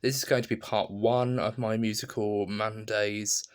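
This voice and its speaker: A man's voice: lowish voice, flat delivery, measured pace, smooth. A man giving a casual, rambling, enthusiastic film review in a vlog. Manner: rambling, enthusiastic, many fillers.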